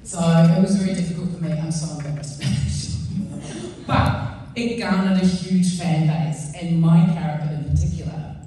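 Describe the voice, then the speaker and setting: A woman's voice: fairly low pitch, moderate pace, warm tone, a little hiss or hum. Chatty New Zealand woman in a big echoey hall. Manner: chatty, self-deprecating, laughs often. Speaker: convention panel guest. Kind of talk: casual panel Q&A. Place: large convention hall. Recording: echoey hall recorded from far off.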